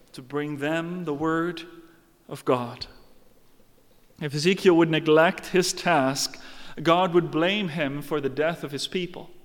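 A man's voice: a little high, long reverb tail. A man preaching a sermon with emphatic, dramatic storytelling and rhetorical questions.

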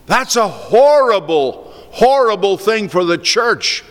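A man preaching in a high voice, taking his time and repeating phrases for emphasis. His words ring through a large church hall with a long echo. His tone stays earnest throughout. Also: animated, takes it slowly, a bit bright. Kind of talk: sermon. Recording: echoey hall with long reverb.

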